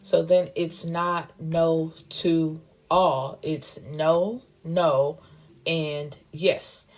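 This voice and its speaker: A woman's voice: sits low, steady tone, very slow. A woman recapping a novel in a casual, candid way, swearing freely and tossing in wry asides. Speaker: book reviewer recapping a novel. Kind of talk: casual spoken book recap.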